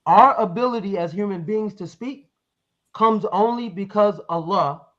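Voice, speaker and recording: High-voiced man pressing his point, lo-fi. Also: measured pace, fairly bright tone. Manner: presses his point, asks leading questions, reads verses aloud. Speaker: debater. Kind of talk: heated debate over a live stream.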